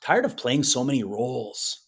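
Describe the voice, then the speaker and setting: A man's voice: mid-range voice, sing-song, normal speed, fairly bright tone, slightly rough. A man who is a guest on a podcast interview, telling personal stories in an earnest, emotional way and acting out the quotes. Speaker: guest, hypnotherapist. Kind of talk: conversational interview storytelling.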